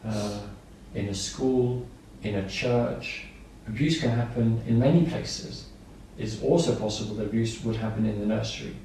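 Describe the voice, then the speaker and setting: A man's voice: on the low side, normal speed, few pauses, mellow, far from the mic, slight background noise. Man lecturing in an echoey room. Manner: simple, repetitive explanations with examples. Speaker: staff trainer. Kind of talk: training lecture. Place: training room.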